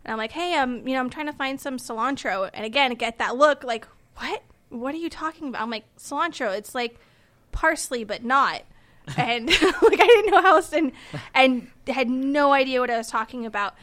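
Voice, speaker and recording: Woman, somewhat high, bright voice, chatty storyteller who laughs often and mimics others. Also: lively intonation, normal speed. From United States. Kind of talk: casual chat, telling anecdotes.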